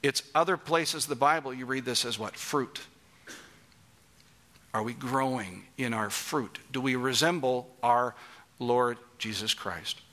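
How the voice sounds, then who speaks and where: A man's voice: mid-range voice, unhurried, sharp tone. A middle-aged man preaching a sermon, emphatic and asking the congregation questions.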